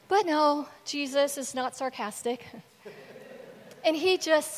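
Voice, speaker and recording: A woman's voice: sits high, slow, long pauses, big-room sound. A woman preacher delivering a sermon, retelling scripture in an emphatic storytelling manner. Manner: storytelling, emphatic with varying loudness.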